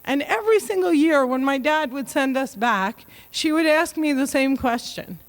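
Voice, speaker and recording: A woman giving a comedic keynote speech, joking and self-mocking with quick punchlines. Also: high-pitched, expressive. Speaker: keynote speaker.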